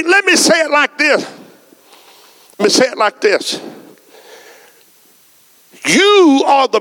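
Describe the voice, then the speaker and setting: A man, shouting out fervent lines and stretching his words slowly. He calls on the congregation to answer back in a church service. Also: high-pitched. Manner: shouting, fervent, drawn-out exclamations. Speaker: preacher. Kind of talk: sermon with congregation call-and-response. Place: church sanctuary.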